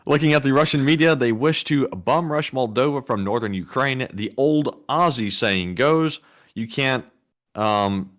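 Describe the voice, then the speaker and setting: A man co-hosting a livestream, reading viewer donation messages aloud in a steady, matter-of-fact way. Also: mid-range voice, measured pace.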